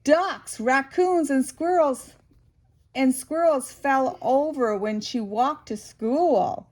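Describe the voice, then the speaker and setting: An older woman reading a picture book aloud to a child, expressive and slow, with chatty asides. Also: high-pitched. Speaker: storyteller grandmother.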